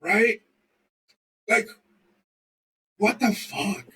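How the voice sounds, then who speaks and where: Guy on a podcast rambling and swearing nonstop, raspy but bright tone, mic kinda far off. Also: sits high, fairly even intonation, drawn-out words. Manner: profane, loose, swears constantly. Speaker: podcast co-host. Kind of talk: casual chat, rambling storytelling.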